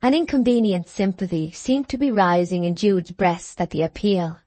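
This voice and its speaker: A woman's voice: medium pitch, moderate pace, mellow, no room sound. Woman narrating a classic novel. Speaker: audiobook narrator.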